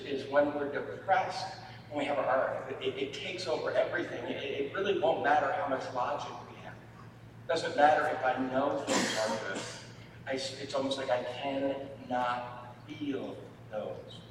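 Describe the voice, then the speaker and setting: A man, a family therapist, giving a sermon-style talk to a church audience, with halting speech and repeated words. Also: mid-range voice, background noise. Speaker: marriage and family therapist speaking at a church event. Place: church hall. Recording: echoey hall from far off.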